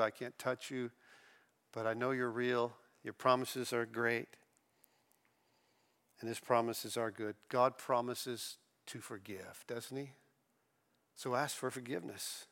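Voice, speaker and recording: A man preaching a sermon, earnest, rising to emphatic peaks and dropping soft, often repeating words as he starts a phrase. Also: medium pitch, clear, resonant tone. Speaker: pastor.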